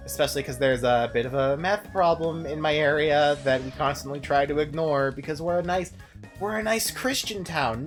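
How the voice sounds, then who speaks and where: A man's voice: fairly high pitch, moderate pace. Brief: young male streamer, rambling and profane, chuckling, faint game music underneath. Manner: rambling, profane, laughs often. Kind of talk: casual gameplay commentary.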